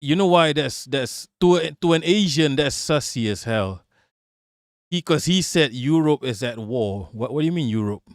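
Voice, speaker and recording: A man's voice: mid-range voice, lively intonation, moderate pace, no room sound. Profane mocking male streamer, dry mic. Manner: profane, mocking, laughs often. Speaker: live stream host. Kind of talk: casual reaction rant.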